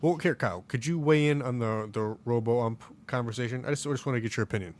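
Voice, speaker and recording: A man's voice: mid-range voice, fast, darkish tone. A man hosting a casual sports podcast, opinionated and rambling, full of fillers and restarts. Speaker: podcast host. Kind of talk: casual chat.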